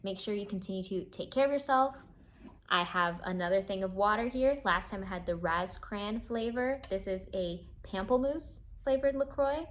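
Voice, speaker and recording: A woman's voice: medium pitch, slight background noise. A woman vlogging to camera in a casual, chatty way, gushing with thanks and drifting into playful asides. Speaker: music reaction vlogger.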